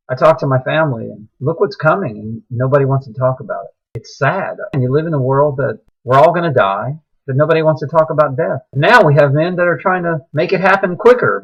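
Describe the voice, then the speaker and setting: A man's voice: a little high, muffled recording. A middle-aged man delivering an impassioned, preachy monologue that rises into agitated outbursts. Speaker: speaker sharing religious views.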